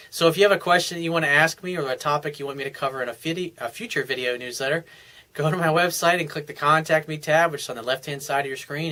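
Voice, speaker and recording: A middle-aged man talks straight to the camera as a dating coach, blunt and conversational, with a bit of swearing. His voice sits a little high and sounds bright and forceful. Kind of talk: casual video newsletter monologue.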